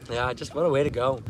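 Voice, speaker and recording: A man's voice: medium pitch, slight background noise. Laid-back man chatting with livestream viewers. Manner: laid-back, laughs often, reads chat aloud. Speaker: fishing livestreamer. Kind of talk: casual live-stream chat. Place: outdoors on a lake in a canoe.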